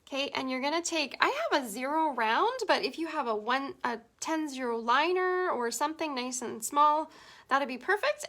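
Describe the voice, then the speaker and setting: Bright high-voiced Canadian woman teaching painting. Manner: chatty, giggly, talks to viewers while painting. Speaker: painting instructor. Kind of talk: casual live painting tutorial.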